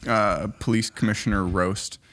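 A man's voice: fairly low pitch, steady tone, normal speed, fairly bright tone. A young man hosting a podcast in casual chat, blunt and profane, rambling through his opinions. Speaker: podcast co-host.

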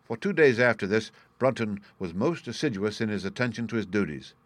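Male audiobook narrator: low voice, measured, formal first-person reading, dry close sound. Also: lively intonation, no echo.

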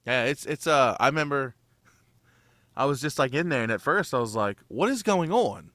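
A young man with a bright, forceful voice tells a story in a loose, rambling way. He swears freely and acts out what he said back then. The sound is close and dry, with no room in it. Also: mid-range voice, a little fast, no room sound. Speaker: new father telling a birth story. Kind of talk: casual chat.

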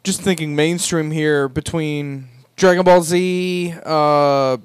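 Higher-voiced man asking curious questions. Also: steady tone, slow pace, smooth, no room sound, studio quality. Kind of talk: casual chat.

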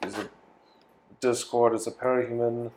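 A man speaking as a player in a tabletop role-playing game, giving measured in-character lines. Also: medium pitch, level tone, a little mellow.

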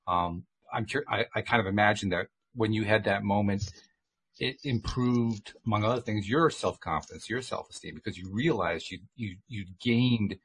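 A man's voice: lowish voice, normal speed, a bit bright, slight background noise. A man in reflective casual conversation, talking thoughtfully with frequent restarts.

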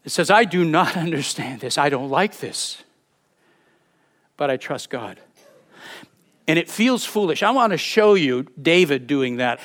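In a voice that sits high for a man, a pastor preaches a sermon emphatically and expressively, reading scripture aloud with feeling.

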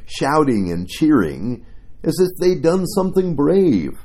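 A man preaching a devotional sermon, telling a story in an earnest, expressive way. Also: medium pitch, slow pace.

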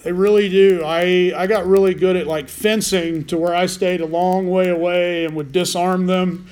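Male pastor, higher voice, folksy sermon with jokey asides and restarts. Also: fairly even intonation, moderate pace, darkish tone, clean tone. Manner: folksy, self-deprecating asides with frequent restarts.

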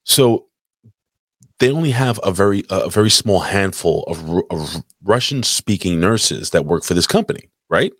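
A man's voice: low-pitched, animated, normal speed, fairly bright tone, no echo, studio quality. A man hosting a live podcast, telling a long rambling story in casual, crude chat with lots of swearing. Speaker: podcast host. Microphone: desk mic, live stream.

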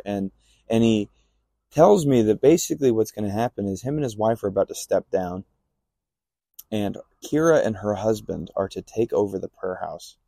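A man telling a long personal faith story on a podcast, rambling and halting with many fillers and restarts. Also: fairly low pitch, creaky, dark tone, no echo. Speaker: podcast guest. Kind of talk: storytelling testimony.

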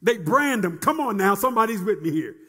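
A man's voice: high-pitched, sing-song, fairly quick, sharp tone, husky. A man preaching a sermon in a chanting, sing-song cadence, repeating phrases and calling on the congregation to answer.

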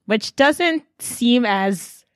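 A woman co-hosting a book club podcast, calmly explaining the story's world. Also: on the high side, extremely slow, no room sound, clean studio sound. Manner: calm, explanatory, adds short agreements. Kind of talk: casual book discussion.

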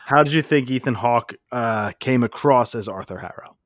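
A man's voice: mid-range voice, moderate pace, no echo, studio quality. A man co-hosting a casual chat, easygoing and self-deprecating. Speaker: podcast co-host.

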